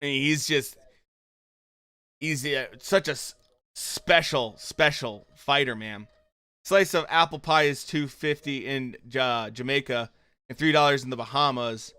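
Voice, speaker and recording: Bright, crisp-voiced man chatting on stream. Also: mid-range voice, a little slow, no room sound. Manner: chatty, reacts to chat and the show with loose fan talk. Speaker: streamer hosting a watchalong. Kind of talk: casual livestream commentary.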